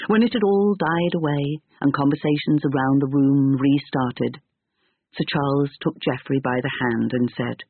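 Man, storybook narrator, measured, expressive, husky, tinny phone-like sound. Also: on the high side, dry recording. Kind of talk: storybook reading. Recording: tinny narrow-band recording.

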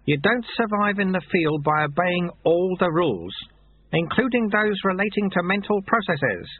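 A man voicing an amiable little old monk sweeper who speaks cheerfully, unhurriedly and with gentle teasing, heard through tinny phone-like audio. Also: high-pitched, expressive, moderate pace, slight background noise, pitched above the performer's own voice.

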